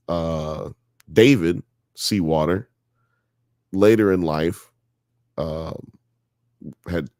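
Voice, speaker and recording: This man hosts a live show and tells a story in casual conversation, sprinkling in "you know" and "blah blah" and getting emphatic when he's worked up. His voice is low and slightly mellow, recorded in a studio with no echo.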